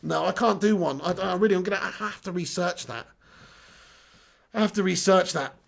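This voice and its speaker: A man's voice: high voice, moderate pace, creaky. A man hosting a live stream, chatting casually and joking while reading out viewer comments. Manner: jokey, reads out chat messages.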